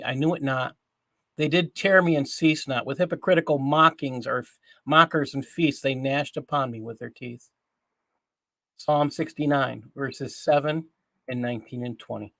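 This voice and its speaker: A man hosting a Christian news show, reading scripture and commenting in an earnest, deliberate way over a call mic. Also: mid-range voice, no room sound.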